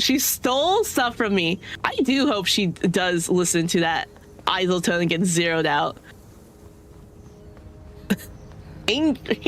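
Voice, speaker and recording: A woman's voice: mid-range voice, fairly bright tone. A young woman streaming a game, chatting casually and rambling with lots of filler words and laughs. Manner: chatty, giggly, rambling with many "sort of" and "like" fillers. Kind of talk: casual gameplay commentary.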